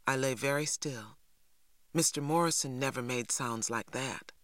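A narrator reading a novel aloud in a steady storytelling manner. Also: mid-range voice, measured pace, no echo, studio quality. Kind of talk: audiobook reading.

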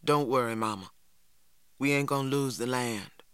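A man voicing a stern, weary farmer father who speaks low, quiet and clipped. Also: normal speed, smooth, dry recording, lightly acted. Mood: grim.

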